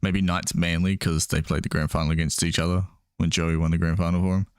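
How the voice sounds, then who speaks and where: A man's voice: low voice, level tone, fast talker, dry recording, clean studio sound. A man chatting casually as a podcast co-host while watching a football game, laughing often and restarting his sentences.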